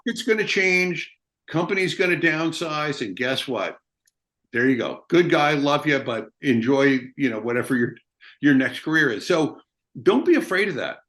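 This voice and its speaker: A man's voice: a little high, expressive, moderate pace, a bit bright. A middle-aged American man, an army veteran guest in an interview, talking in a blunt, emphatic way and swearing freely. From United States. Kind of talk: casual interview talk.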